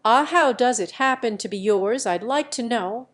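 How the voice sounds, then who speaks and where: A woman voicing a big, slow-witted husband who shouts and growls at his wife in an audiobook. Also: a little high, animated. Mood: angry.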